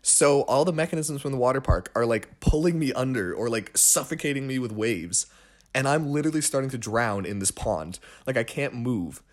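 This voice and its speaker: A man's voice: mid-range voice, animated, moderate pace. A young man casually telling a story among friends, rambling with lots of fillers and laughing at himself. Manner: rambling, filler-heavy, self-amused.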